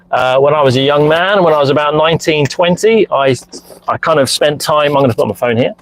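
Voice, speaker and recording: A man's voice: medium pitch, fast talker, low-quality recording. A middle-aged man chatting casually on a live stream from inside his car, rambling as he answers viewers' messages. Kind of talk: casual live-stream chat while driving. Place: inside a car, parked in a lay-by. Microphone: phone mounted hands-free in the car.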